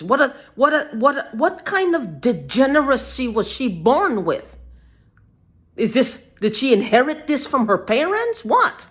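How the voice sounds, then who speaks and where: Agitated, higher-pitched woman ranting. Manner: agitated, repetitive, swears; halting, with many restarts and repeated phrases. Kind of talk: personal video monologue.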